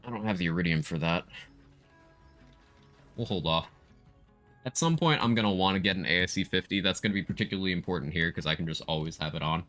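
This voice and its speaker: A man's voice: low-pitched, steady tone, quick pace, fairly bright tone, faint music behind. A man streaming a video game, chatting casually about gear and reading out viewer comments as he plays. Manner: chatty, reads out viewer chat while playing.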